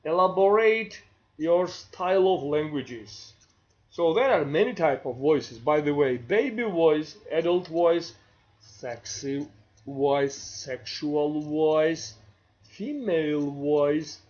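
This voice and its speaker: A man with a Georgian accent, a marketing professor giving a lecture, speaking slowly and deliberately with frequent pauses and fillers. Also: a little high, a little mellow, lo-fi sound. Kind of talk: university lecture.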